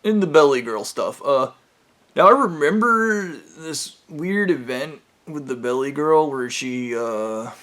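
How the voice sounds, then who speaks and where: A man's voice: a little high, animated, a little slow, fairly bright tone. A man telling a rambling story from his own life in a casual, profane way, with plenty of fillers. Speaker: vlogger.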